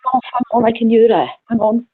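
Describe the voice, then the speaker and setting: A woman's voice: on the high side, brisk, husky. Blunt, foul-mouthed woman gossiping over a dull speakerphone line. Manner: blunt, swears freely, laughs often. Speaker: caller on speakerphone. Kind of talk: casual phone chat. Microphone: phone on speakerphone.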